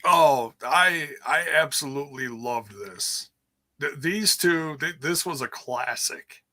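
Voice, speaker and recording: A man's voice: a little high, expressive, slow pace, pushed and bright. A man co-hosting a wrestling review podcast, talking casually with a laid-back manner and some stammering restarts. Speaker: podcast co-host.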